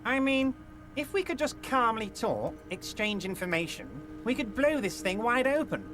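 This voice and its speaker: A man voicing a high, smarmy union boss. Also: animated, normal speed, music in the background. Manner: oily, overly reassuring, theatrical. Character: smooth, fawning middle-aged male union boss. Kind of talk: fan voice acting of a game.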